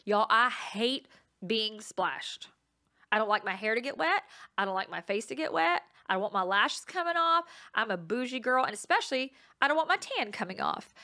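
A woman's voice: medium pitch, bright, forceful tone. A woman hosting her own podcast, telling stories in a chatty, self-mocking way and laughing often. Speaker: podcast host. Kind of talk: casual storytelling monologue.

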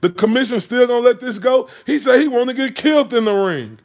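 A man's voice: very high-pitched, fairly quick. A man ranting about boxing on his channel, heated and mocking, swearing constantly. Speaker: boxing commentary vlogger. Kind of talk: profane casual rant.

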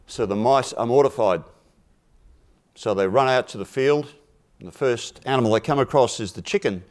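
A man speaking at a forum, telling a simple fable in a measured, deliberate way and dropping his voice for punchlines. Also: mid-range voice. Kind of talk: storytelling a fable in a talk.

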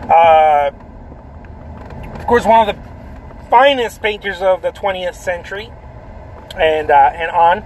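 High-voiced rambling man outdoors. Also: a little slow, pauses often, darkish tone, slight background noise, poor audio. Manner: rambling, repeats himself, many "right?" tags. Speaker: artist talking about art. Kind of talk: casual vlog talk.

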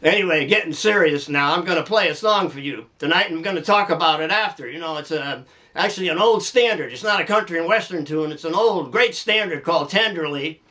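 A man's voice: a little high, fairly quick, bright, forceful tone. A man hosting a music lesson, telling folksy jokes in a chuckling, rambling way, full of "you know"s and laughing at his own punchlines. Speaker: music teacher and host.

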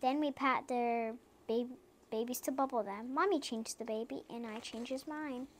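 A woman reading children's picture books aloud, chatting between pages and playing up the sound words in a lively, sing-song way. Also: on the high side, a little slow, a little hiss or hum. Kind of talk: storybook read-aloud with casual chat.

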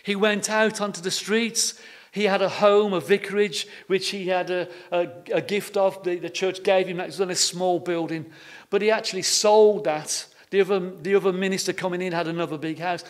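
A man's voice: sits high, fairly even intonation, brisk. A man preaching a sermon, telling stories in a homely way and often repeating his words. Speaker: pastor. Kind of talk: sermon with storytelling.

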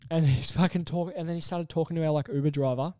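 Young man, casual podcast chat, animated, swears a lot, smooth voice, dry close sound. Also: a little high, fast talker, no echo. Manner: animated storyteller, swears freely. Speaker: podcast co-host.

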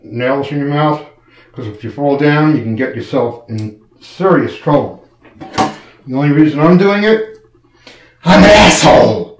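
A man casually talking through a wall-mounting job step by step as he works, joking at his own expense. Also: medium pitch. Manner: chatty, self-mocking, explains each step as he works. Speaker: do-it-yourself video maker. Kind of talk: casual narration while working. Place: indoor room being set up as a studio. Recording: roomy echo, faint background noise.

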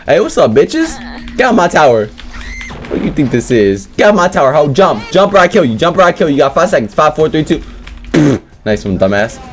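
Loud, erratic young gamer guy. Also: a little high, very animated, fairly quick, soft background music. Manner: loud, erratic, frequently shouting and laughing. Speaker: gaming YouTuber. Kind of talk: excitable gameplay commentary with voice chat.

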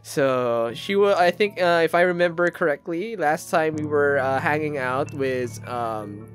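A man's voice: a little high, unhurried, faint music behind. A man from the Philippines reads a game's narration aloud as a let's play gamer, dramatic, with his own asides in between. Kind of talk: reading game narration aloud with commentary.

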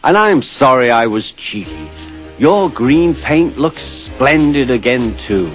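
A man's voice: mid-range voice, expressive, takes it slowly. A man voicing a boastful, cheeky little blue tank engine in a storybook reading, with music behind. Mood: apologetic. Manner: proud and boastful.

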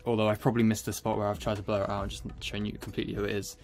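A man's voice: fairly low pitch, monotone, very fast, a little mellow, faint music behind. A young man hosting a casual editing tutorial, rambling and chatty, a bit out of breath, calling his viewers boys. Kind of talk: casual screen-recorded tutorial.

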